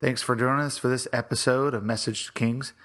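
A man's voice: medium pitch, steady tone, brisk, fairly bright tone. A man hosting a devotional podcast, teaching from the Bible in an earnest, exhorting way. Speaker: podcast host.

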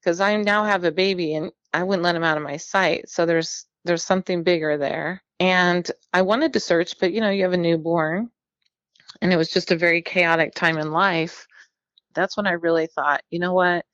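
A woman's voice: fairly low pitch, steady tone, normal speed, fairly bright tone, no echo. A woman in her fifties from central California, telling her own story as a guest in a chatty, candid way with a self-deprecating sense of humor. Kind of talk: personal storytelling interview. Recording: dull lo-fi sound.

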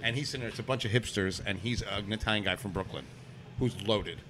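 A man, a chef, swapping loud, profane stories in a casual podcast chat and laughing as he goes. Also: fairly low pitch, quick pace, a little hiss or hum. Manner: animated storyteller, profane, laughs between lines.

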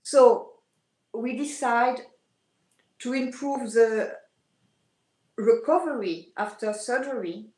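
Slow French-accented woman on a video call. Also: on the high side, a little mellow. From France. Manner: halting, searching for English words. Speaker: guest aesthetician. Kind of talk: remote interview. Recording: echoey room over video call.

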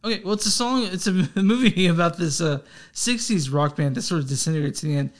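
A man's voice: high voice, fairly quick. Rambling, swearing young man. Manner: rambling, swearing, self-deprecating. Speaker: podcast co-host. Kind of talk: casual chat.

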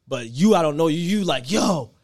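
A man's voice: fairly high pitch, animated, a little fast, darkish tone, no room sound, clean studio sound. Laid-back young man telling his story. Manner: loose storytelling, many "you know what I mean" asides. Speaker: guest rapper. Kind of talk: casual podcast chat.

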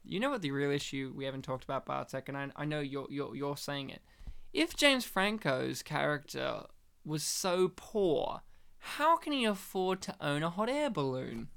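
Young male host, rambling, giggly, very expressive delivery. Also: on the high side, moderate pace, gravelly, smooth. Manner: rambling, laughs often, animated. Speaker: podcast host. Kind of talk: casual movie chat.

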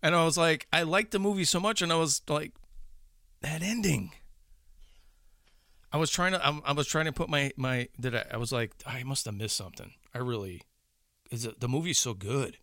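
A man's voice: a little high, moderate pace, sharp tone, dry recording, studio quality. A man chatting casually about movies, rambling with many restarts and swearing. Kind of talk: casual chat about films.

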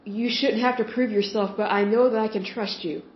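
A woman's voice: medium pitch, steady tone, a little fast, slight background noise. A woman hosting a faith podcast, talking earnestly and conversationally with frequent restarts. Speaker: podcast host. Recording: roomy, slightly dull home recording.

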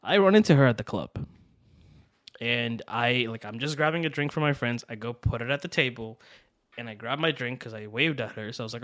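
A young man co-hosting a podcast, telling a personal story in a casual, animated way and acting out what people said. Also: medium pitch, fairly quick, no echo, clean studio sound. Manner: animated, acts out quotes with swearing and laughs. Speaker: podcast co-host.

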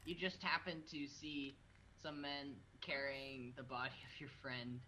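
A game master narrating a tabletop game, halting with fillers and restarts. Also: medium pitch, flat delivery, crowd noise, rough recording.

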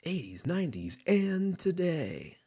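A man's voice: on the high side, very animated, a little slow, dark tone, slightly rough. A man rambling in a casual, profane solo monologue, laughing often and drifting between topics.

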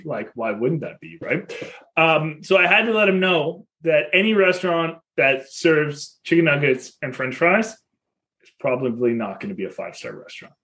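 This podcast host, a dad in his thirties, speaks at a fairly high pitch. His storytelling is relaxed and animated, broken up by frequent laughter.

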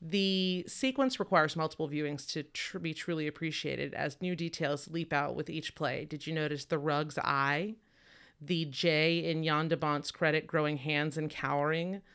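A woman's voice: sits low, steady tone, normal speed, a bit bright, clean tone. A woman hosting a casual podcast chat, talking enthusiastically and laughing as she retells stories. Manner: enthusiastic, laughs and quotes others. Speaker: podcast host.

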